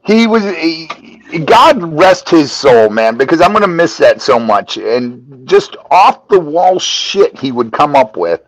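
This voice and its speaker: Animated man telling stories, slow and lively. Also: a little high, no echo, rough recording. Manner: animated storytelling, acting out friends' lines and laughing. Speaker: podcast guest. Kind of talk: casual podcast chat.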